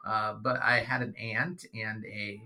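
A middle-aged man talking casually, often pausing and restarting his sentences. His tone is bright and forward, and he slips in dry, sarcastic asides. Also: lowish voice, little pitch movement, a little hiss or hum. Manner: rambling, hesitant, dry sarcasm. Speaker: podcast guest, father. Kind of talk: casual chat.

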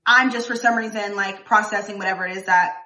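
A woman's voice: mid-range voice, steady tone, fast talker, pushed and bright, far from the mic. A woman in casual conversation, talking about emotions, laughing often and restarting her sentences. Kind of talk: casual chat. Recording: echoey room.

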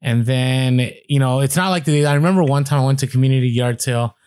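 A man co-hosts a podcast, talking in a loose, reflective way. His voice is mellow and dark at a middle pitch. The sound is dry and close. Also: quick pace, clean tone, dry recording. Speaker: podcast co-host. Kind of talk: casual chat.

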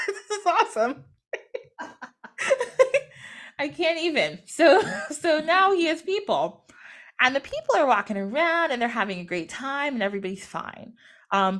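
A woman's voice: a little high, a bit bright. Bubbly, giggly woman retelling a myth. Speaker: podcast host. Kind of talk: casual storytelling.

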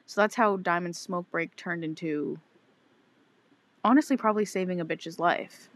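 A young woman in her twenties co-hosting a podcast, telling a story in casual, animated chat with lots of swearing and acted-out quotes. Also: lowish voice, normal speed, no echo. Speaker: podcast co-host.

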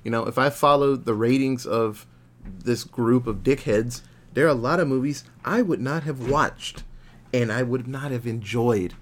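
Young male podcast co-host, casual and profane, animated film chat. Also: mid-range voice, normal speed.

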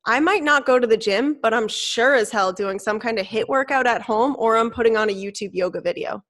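A woman's voice: a little high, fairly quick, fairly bright tone. A young woman co-hosting a podcast in casual chat, blunt and emphatic, swearing freely as she gives fitness advice. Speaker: podcast co-host.

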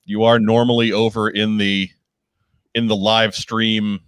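A man's voice: fairly low pitch, flat delivery, measured pace, clear, resonant tone, no echo. A man hosting a casual live video chat show, joking and often restarting his sentences. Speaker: host.

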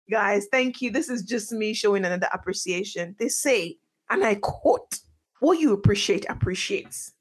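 A bubbly young woman chatting into her podcast mic from her kitchen at home. Her voice sits a little high, and she talks loosely and excitedly and breaks into laughter often. It sounds casual and unscripted, a solo host talking straight to her listeners.

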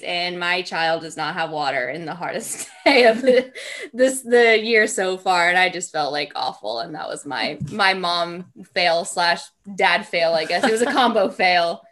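Casual co-host, woman in her thirties, chatty storyteller with a middle-pitched voice. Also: fairly bright tone. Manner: chatty storyteller, quick asides, laughs while telling. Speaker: podcast co-host. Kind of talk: casual chat.

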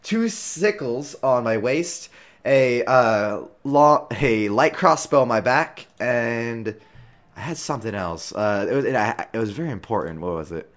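A man's voice: medium pitch, expressive, a little slow. A man playing a tabletop game, talking hesitantly and trailing off as he thinks aloud. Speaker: player. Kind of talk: tabletop game player talk.

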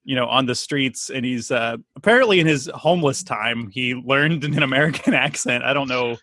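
A man co-hosting a podcast, joking in a dry, deadpan way in casual chat. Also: mid-range voice, moderate pace, no echo. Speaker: podcast co-host.

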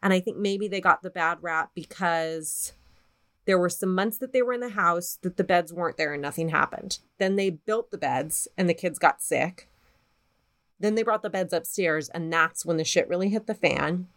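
Woman, lower voice, podcast co-host, casual, profane storytelling. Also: moderate pace. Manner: profane, animated retelling of a spooky story.

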